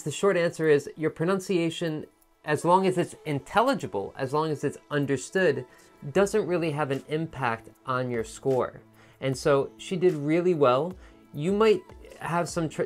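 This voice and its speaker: In a video lesson, a male teacher with a middling pitch patiently explains word stress to test takers, repeating example words over and over to model them. Soft music plays faintly in the background.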